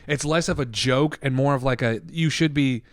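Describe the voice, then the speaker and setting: A man's voice: mid-range voice, dry recording, clean studio sound. Loose, swearing man chatting casually. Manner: loose, swearing, fast retellings of scenes. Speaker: podcast co-host. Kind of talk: casual film review chat.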